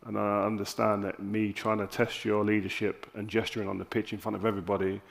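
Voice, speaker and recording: South London man, gravelly, fairly low-pitched; candid stage guest spinning animated anecdotes. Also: fast. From South London, England. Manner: animated anecdotes with lively quoted dialogue. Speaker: interview guest.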